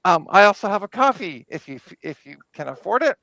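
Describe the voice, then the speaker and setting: A woman's voice: mid-range voice, big pitch swings, a little fast, creaky, fairly bright tone, dry recording, low-quality recording. A woman hosting a casual livestream, chatting with guests and laughing often. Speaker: host.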